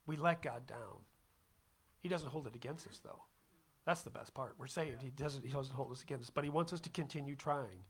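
A man's voice: mid-range voice, fairly quick, breathy edge. A man preaching a casual, conversational sermon as pastor, chatty and self-deprecating, often checking in with his congregation.

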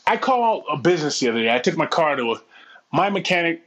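A man's voice: a little high, big pitch swings, quick pace, crowd noise. A man co-hosting a podcast, telling stories casually with lots of swearing and laughter, acting out the people in them. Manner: profane, laughing, acts out voices in his stories. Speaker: podcast co-host. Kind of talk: casual storytelling chat.

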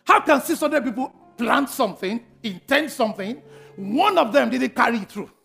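Male preacher, very high voice, forceful tone, fervent, repeating lines, faint music behind. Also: lively intonation, normal speed, gravelly. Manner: fervent, repeats lines and builds to shouted blessings. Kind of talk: sermon.

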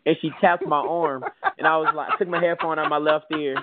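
A man telling a story in casual chat as a podcast co-host, animated and swearing, mimicking people. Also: fairly high pitch, fairly quick, noisy background. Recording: tinny phone-like audio.

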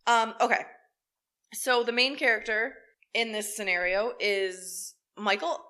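A woman's voice: a little high, fairly even intonation, a little slow, sharp tone. A woman co-hosting a true-crime podcast, telling the story in a casual, wry and profane way. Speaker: podcast co-host.

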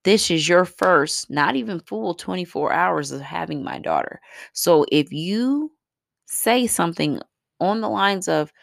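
A woman's voice: lowish voice, lively intonation, measured pace, creaky, no room sound, studio quality. A woman, a mother, venting in a casual vlog, blunt and profane, rambling with lots of fillers. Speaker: mother vlogging about her day.

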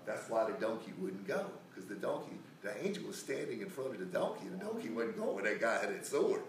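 A man's voice: fairly low pitch, sing-song, a little fast, slight background noise. A man telling a Bible story in a casual, rambling sermon, full of restarts and acted-out quotes. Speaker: preacher. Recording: echoey room, recorded from a distance.

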